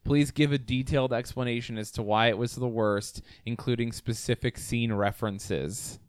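A laid-back young man co-hosting a podcast, easygoing and jokey. His voice is smooth and clean, close to a dry mic with no room sound. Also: mid-range voice, steady tone, normal speed, no echo. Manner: laid-back, jokey, trails off mid-sentence. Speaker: podcast co-host. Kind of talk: casual chat.

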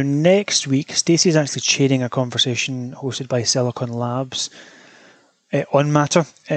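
A man's voice: medium pitch, dry recording. A man hosting a casual solo smart-home news roundup in a chatty, informal way, now and then swearing. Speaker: podcast host.

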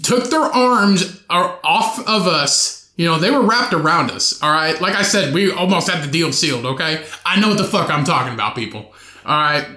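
A man's voice: on the high side, a little fast, roomy sound. Profane, rambling young man. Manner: profane, rambling, animated storytelling with laughs. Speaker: podcast host. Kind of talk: solo podcast storytelling.

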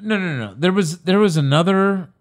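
A man's voice: high voice, moderate pace. A man co-hosting a casual podcast, giving his opinions in a rambling way, often repeating himself. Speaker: podcast co-host.

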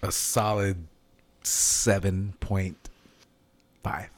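A man's voice: low voice, level tone, extremely slow. A man on a casual podcast, plain-spoken and modest about still learning his palate. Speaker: podcast co-host. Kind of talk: casual beer-review chat.

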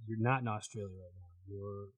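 A man hosting a podcast interview, asking halting questions and reacting with surprise. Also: lowish voice, fairly even intonation, slightly rough, rough recording. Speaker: podcast host. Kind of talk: casual interview chat.

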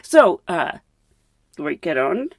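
A woman's voice: fairly low pitch, slow, creaky, background noise. A woman who works as a flight attendant, telling funny work stories in a casual, laughing way and acting out quotes. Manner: animated, laughing, acts out quotes. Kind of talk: casual storytelling.

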